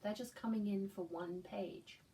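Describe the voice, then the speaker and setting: A woman preschool teacher reading a picture book aloud to young children, slow and gentle, pausing to ask simple questions. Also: mid-range voice, steady tone, distant mic, low-quality recording. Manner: slow, gentle, with loud animal sounds in the story.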